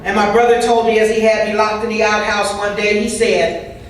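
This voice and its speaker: A woman's voice: medium pitch, flat delivery, fairly quick. A woman voicing a signed first-person recovery talk at a convention, in a humorous, conversational storytelling manner. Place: large convention hall. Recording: very echoey hall from far off.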